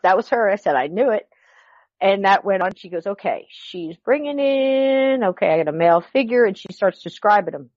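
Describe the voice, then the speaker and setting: A woman's voice: fairly low pitch, no echo. Middle-aged woman telling a story, lo-fi. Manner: animated, acts out quoted dialogue. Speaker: podcast guest. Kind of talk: personal storytelling. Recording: dull lo-fi recording.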